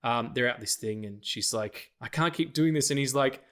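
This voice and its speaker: A man co-hosting a casual film podcast, talking in an animated way with plenty of swearing and quick acted-out lines. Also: mid-range voice. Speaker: podcast co-host.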